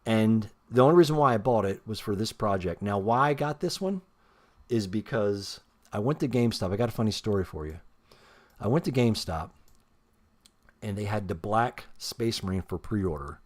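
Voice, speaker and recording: A man with a lowish voice tells his story in a loose, casual ramble, swearing freely and poking fun at himself. He talks while showing off a figure he painted himself. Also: expressive, normal speed. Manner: rambling, heavy swearing, self-deprecating. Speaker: custom action figure painter.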